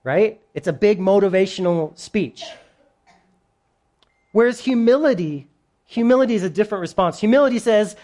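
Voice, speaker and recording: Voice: mid-range voice, expressive, moderate pace, long pauses, dark tone. A pastor giving a sermon in a casual, humorous way, often asking the congregation questions.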